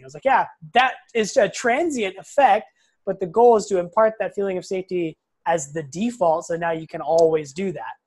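A man's voice: sits high, fairly quick. A young man, a physical therapist as a podcast guest, talking casually and bluntly, acting out quotes and swearing now and then. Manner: blunt, animated storyteller who acts out quotes and swears.

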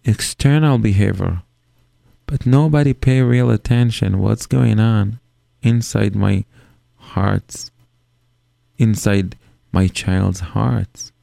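Gravelly rabbi teaching in slow earnest English. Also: male voice, mid-range voice, warm tone, no echo, studio quality. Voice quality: non-native English grammar. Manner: earnest, acts out parent and child in dialogue. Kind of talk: Torah lecture on parenting.

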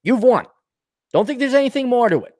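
Animated profane male podcast host. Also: extremely high pitch, a little fast, no room sound, studio quality. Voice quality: profane, swears freely. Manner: animated, jokes and acts out voices of others. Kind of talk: casual storytelling monologue.

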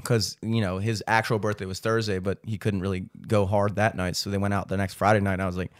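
A man's voice: on the low side, little pitch movement, fast, dry recording, clean studio sound. Rambling, profane man in his thirties. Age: 30s. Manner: rambling, profane, heavy use of "like". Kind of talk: casual storytelling chat.

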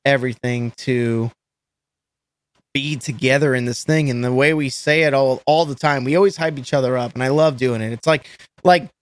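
A man who sings in a metal band, chatting as a podcast guest in an animated, rambling way and swearing freely. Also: medium pitch, moderate pace, no room sound. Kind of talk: casual podcast chat.

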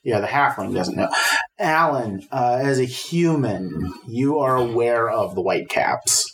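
A man's voice: mid-range voice, lively intonation, measured pace. A man narrating as game master in a casual tabletop game, laughing often. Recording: noisy home recording.

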